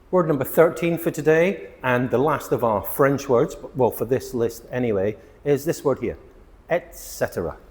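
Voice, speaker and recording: A man teaching English vocabulary to camera, excitable, stressing and repeating words as he explains them. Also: mid-range voice, big-room sound. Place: outdoors near palm trees.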